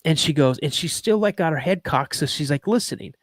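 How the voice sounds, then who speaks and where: A man's voice: fairly high pitch, lively intonation, brisk, dry recording. A man hosting a podcast, earnestly telling a personal story and acting out the dialogue, with frequent ums. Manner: earnest and emotional, reenacts dialogue, many ums. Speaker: podcast host.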